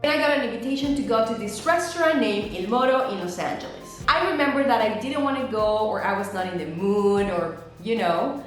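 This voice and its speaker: A woman, telling a storytime vlog and acting out quotes with dramatic jumps in pitch. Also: a little fast, hardly any pauses. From Mexico. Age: 30s. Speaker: vlogger. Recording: very echoey room, faint music.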